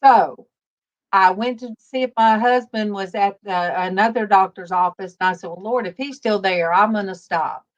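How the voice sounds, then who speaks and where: A woman hosting a casual faith-based livestream, telling stories slowly with many fillers over a video call. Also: medium pitch. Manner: rambling, warm storytelling with many fillers. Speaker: livestream host. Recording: dull lo-fi stream audio.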